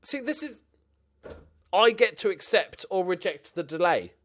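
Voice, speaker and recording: A young man giving casual, animated commentary on his own game play, muttering to himself and swearing now and then. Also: sits high, unhurried. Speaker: gaming commentator.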